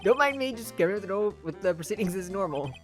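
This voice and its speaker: A woman voicing a flustered old male judge who talks slowly and fussily. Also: mid-range voice, animated, soft background music, close to an everyday voice. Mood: fussy.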